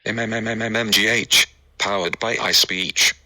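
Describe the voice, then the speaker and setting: A man's voice: on the low side, moderate pace. A synthetic male text-to-speech voice reading typed lines in a mechanical, robotic way. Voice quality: synthetic, monotone robotic diction. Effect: computer speech synthesizer.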